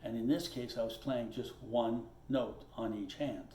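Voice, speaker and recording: A man's voice: medium pitch, fairly even intonation, measured pace, warm tone. A man teaching drums at his kit, plainspoken and patient, who repeats his points and checks in with "okay" as he explains step by step. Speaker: drum teacher. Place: room with a drum kit. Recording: roomy echo, faint noise.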